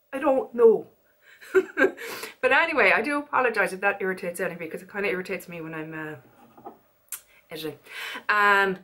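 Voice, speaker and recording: A woman's voice: mid-range voice, normal speed, pauses often, sharp tone. A woman, chatting casually to camera in a beauty vlog, rambling and self-deprecating. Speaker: beauty vlogger.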